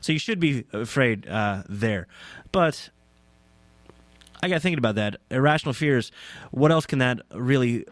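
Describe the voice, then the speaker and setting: A man's voice: mid-range voice, lively intonation, moderate pace, long pauses, no echo. Rambling self-deprecating man, dry close sound. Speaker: podcast host. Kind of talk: casual solo talk. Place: indoors, on a couch.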